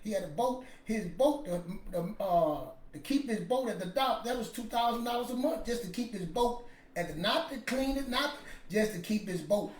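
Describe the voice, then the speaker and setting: A man's voice: high voice, animated, normal speed, far from the mic. A man, casually telling a motivational story in a rambling, emphatic way. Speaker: podcast host. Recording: echoey room with faint ambience.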